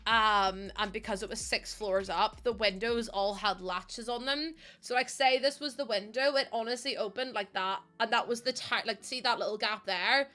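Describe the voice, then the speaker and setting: A woman's voice: a little high, moderate pace, hardly any pauses, pushed and bright. A young woman chatting casually to her live chat as a streamer, laughing often and filling with "like". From United Kingdom.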